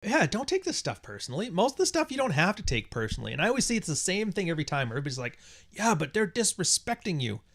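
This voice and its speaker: A man's voice: high-pitched, huge pitch swings, fast talker, fairly bright tone. A man hosting a podcast, talking casually and bluntly with plenty of swearing, acting out quoted voices and laughing at his own jokes. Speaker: podcast host. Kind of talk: casual monologue.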